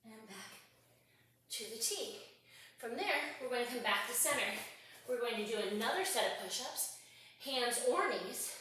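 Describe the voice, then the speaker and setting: A woman's voice: fairly high pitch, animated, moderate pace, sharp tone. A woman leading a pilates mat class, calling out breath cues and movements while exercising, out of breath and upbeat. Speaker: pilates instructor. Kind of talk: guided workout instruction. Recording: echoey room, distant mic.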